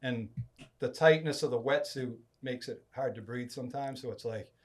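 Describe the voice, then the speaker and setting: A man from Massachusetts on a podcast, telling a long fishing story in a casual, animated way and acting out other people's lines. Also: mid-range voice, normal speed. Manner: animated storyteller, acts out quoted speech with loud bursts. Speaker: podcast guest.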